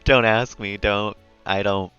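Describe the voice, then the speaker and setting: A man's voice: lowish voice, fairly even intonation, takes it slowly, sharp tone, clean tone, no room sound, dull audio, faint music behind. A man live-streaming a game, rambling and chatty, often laughing at his own jokes. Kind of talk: casual gameplay commentary.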